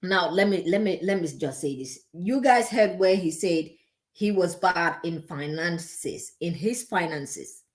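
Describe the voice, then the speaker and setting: A woman's voice: fairly low pitch, animated, unhurried. A woman hosting a reaction video, giving sassy, emphatic casual commentary and laughing often.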